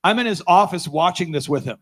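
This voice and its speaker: Speaking fairly quickly in a voice that sits high, a male conference speaker gives an animated storytelling talk, performing each quoted line of dialogue.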